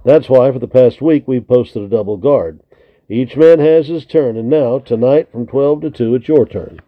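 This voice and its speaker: A man reading the part of a stern expedition commander in a storybook, sharp and commanding. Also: medium pitch, normal speed, dry recording, close to an everyday voice. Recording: tinny narrow lo-fi recording.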